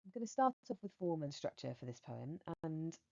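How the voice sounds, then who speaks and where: A woman with a low, mellow voice giving a revision lesson as an English teacher. She explains in a measured way and reads verse aloud. The recording sounds slightly dull and lo-fi. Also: sing-song, vocal fry.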